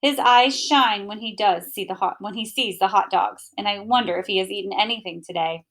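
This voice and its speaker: A woman reading a children's picture book aloud in an expressive, gentle first-person narration. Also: medium pitch, a little fast. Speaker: storybook reader.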